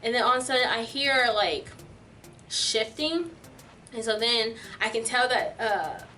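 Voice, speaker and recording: Young woman, storytime vlog, animated, lots of fillers, slightly high voice, mic a bit far. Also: measured pace, a little hiss or hum. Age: young adult. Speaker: vlogger.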